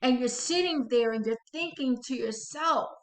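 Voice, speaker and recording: A woman hosting an inspirational channel, narrating a guided visualization slowly and dramatically, speaking to the listener as "you". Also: high-pitched. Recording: echoey room.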